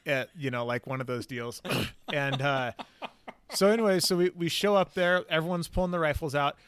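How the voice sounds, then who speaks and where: A man's voice: fairly high pitch, normal speed, fairly bright tone, clean tone. A man hosting a podcast, telling a long story in casual chat, rambling with lots of fillers and casual swearing. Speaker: podcast host.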